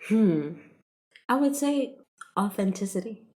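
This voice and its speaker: A woman's voice: medium pitch, lively intonation, a little slow, a little mellow. A woman in her late twenties, a podcast guest chatting casually and animatedly, laughing often and using many fillers. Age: late 20s. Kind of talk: casual interview chat.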